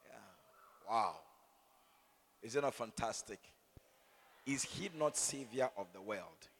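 A man's voice: medium pitch, lively intonation, takes it slowly, noisy background. A man, a preacher who leads prayer and then teases his congregation in call-and-response. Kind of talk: sermon with opening prayer. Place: church hall. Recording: long church hall reverb.

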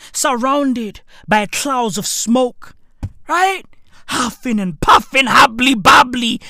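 A woman, delivering a profane comedic rant full of slang that bursts into shouting. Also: on the high side, no room sound, clean studio sound. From South Africa.

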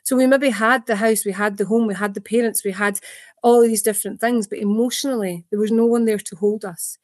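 A woman's voice: mid-range voice, brisk, no room sound, studio quality. A woman therapist who explains at length in an interview, telling stories and acting out quotes. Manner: animated storytelling, acts out quotes, many restarts. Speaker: trauma therapist.

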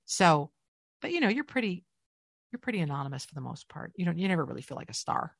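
A middle-aged woman voice actor, chatting as an interview guest and telling self-deprecating stories in an animated way. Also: on the low side, quick pace, creaky, dry recording, studio quality. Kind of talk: casual interview chat.

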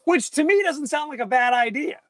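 A man co-hosting a movie podcast in casual chat, lively, often acting out quoted lines. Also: extremely high pitch, a little fast, dry recording. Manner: animated, acts out quotes in changing voices. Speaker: podcast co-host.

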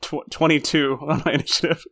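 A man playing a tabletop game, joking and animated as he describes his character's moves. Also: a little high. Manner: animated, joking, quick to laugh. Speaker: player. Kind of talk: casual tabletop game chat.

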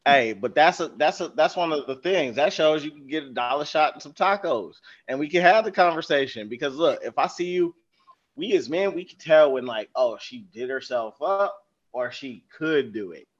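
A man from California, a podcast guest, talking in a playful, animated and sarcastic way in casual chat. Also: fairly high pitch, normal speed, highs cut off.

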